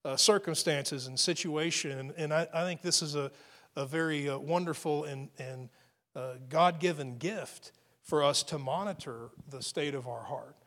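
A man's voice: on the high side, fairly bright tone. A man who is a husband and father, preaching a sermon in an earnest, emphatic way, often restarting and repeating words. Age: adult with family. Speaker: pastor.

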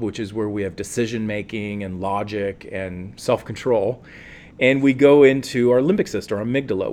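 A man, a counselor, answering interview questions in a calm, earnest and reflective way, with many fillers and restarts. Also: mid-range voice. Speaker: guest, counselor.

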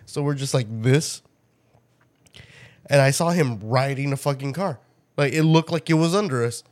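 A man hosting a podcast, telling a story in a loose, profane, animated way and often breaking into laughter. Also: medium pitch, normal speed. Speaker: podcast host. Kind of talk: casual storytelling chat.

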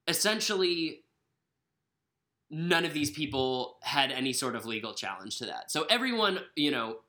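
A woman's voice: low voice, big pitch swings, moderate pace, sharp tone. A young woman co-hosting a casual podcast, rambling through news with fillers and self-corrections. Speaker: podcast co-host. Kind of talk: casual chat.

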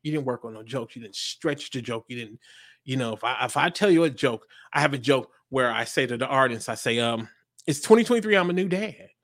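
A man's voice: medium pitch, a little fast, dry recording, clean studio sound. A man, a comedian, chatting in an interview and telling stories, acting out the voices in his jokes. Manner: animated storyteller acting out joke voices. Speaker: comedian guest. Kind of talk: casual interview chat.

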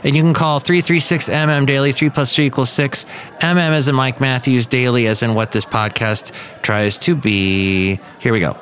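A man's voice: mid-range voice, fairly even intonation, normal speed, a bit bright. Goofy rambling male podcast host. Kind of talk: casual solo podcast chat.

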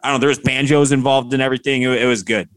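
A man's voice: mid-range voice, fairly even intonation, very fast, a bit bright, clean tone, no room sound. A man cohosting a podcast, chatting casually and laughing often. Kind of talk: casual chat.

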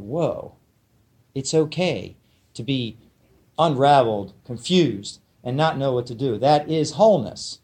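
A man's voice: fairly high pitch, darkish tone. A man teaching a spiritual lecture to a live audience. He talks emphatically and conversationally, often checking in with his listeners.

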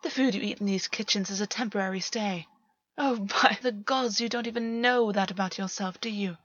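Woman doing a taunting fae man, soft and crooning, dull dry audio. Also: medium pitch, quick pace, dry recording, lightly acted. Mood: mocking.

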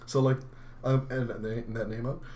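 A man co-hosting a podcast, telling an animated story and laughing often, a little sick and chewing lozenges. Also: mid-range voice, moderate pace, slight background noise. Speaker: podcast co-host. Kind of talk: casual chat.

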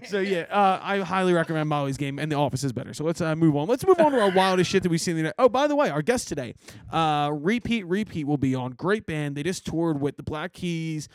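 A man's voice: fairly high pitch, brisk, no room sound. A man hosting a podcast, chatting casually and telling stories in a loose, rambling way with lots of fillers. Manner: rambling, animated storytelling with fillers. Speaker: podcast host. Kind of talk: casual chat.

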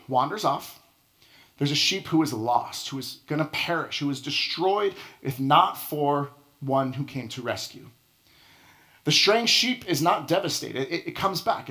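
A man with a slightly higher voice preaches a sermon in a conversational tone. He leans on dramatic pauses and sometimes sinks to a near-whisper to drive a point home. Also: bright, forceful tone. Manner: conversational, with frequent restarts and movie examples. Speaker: pastor.

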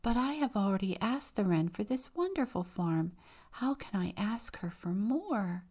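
A woman playing a shy gentle girl, humble, raised pitch, slow, storybook. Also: lively intonation. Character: shy, kind peasant girl.

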